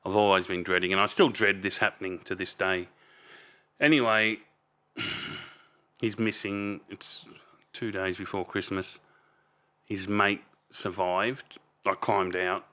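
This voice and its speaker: A man's voice: low-pitched, steady tone, takes it slowly, long pauses, pushed and bright. A man in his fifties with an Australian accent, telling a story as a podcast guest in a rambling, blunt way, with many restarts and some swearing. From Melbourne, Australia. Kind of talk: casual storytelling.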